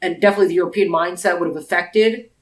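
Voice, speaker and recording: In a racing, lowish voice, a book podcast co-host rambles chattily through her review, restarting again and again. The recording sounds echoey.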